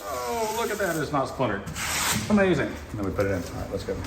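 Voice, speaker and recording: A man hosting a home renovation vlog, demonstrating fixes in a deadpan, joking way. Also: fairly high pitch, quick pace, vocal fry. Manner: deadpan jokey, puns and mock anger. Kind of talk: joking DIY how-to vlog. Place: house under renovation, indoors. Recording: echoey bare room, faint noise.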